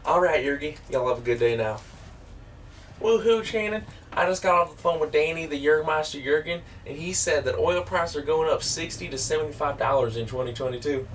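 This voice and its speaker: A boastful small-time oil boss with a drawl, folksy and quick to get flustered, played by a man. His voice sits a little high and reaches the mic from some distance. A steady background noise hums under the mockumentary recording. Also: close to an everyday voice. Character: blustering small-time male oil boss, self-important. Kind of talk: mockumentary comedy. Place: cramped old camper.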